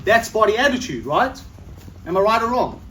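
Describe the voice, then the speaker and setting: A man's voice: high voice, sing-song, moderate pace, noisy background. A middle-aged man coaching a self-defense seminar, talking conversationally and checking in with the class again and again. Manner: conversational, checks in with "right?" constantly. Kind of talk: seminar teaching. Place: training hall at a seminar. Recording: echoey hall, mic from far off.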